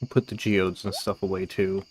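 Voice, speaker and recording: A man's voice: low voice, little pitch movement, normal speed, slight background noise. A man giving laid-back, chatty commentary while playing a video game, talking to himself as he goes. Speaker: gaming video creator. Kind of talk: casual gameplay commentary. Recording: game music playing behind.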